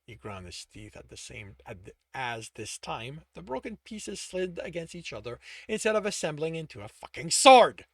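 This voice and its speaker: A man's voice: mid-range voice, lively intonation, moderate pace, few pauses, no echo, clean studio sound. A man reading his own novel aloud, who stumbles now and then and corrects his own slips.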